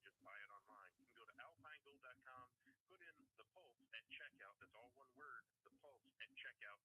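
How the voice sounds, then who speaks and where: Salesy man with a bright, slightly hissy voice. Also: medium pitch, low-quality recording. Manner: smooth, salesy and upbeat. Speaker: business guest. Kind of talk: radio interview pitch.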